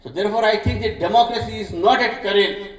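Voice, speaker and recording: High-voiced man, Indian accent, declamatory political speech, roomy hall, distant mic. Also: fast. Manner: impassioned, declamatory. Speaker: speaker at a public meeting. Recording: echoey hall, mic from far off.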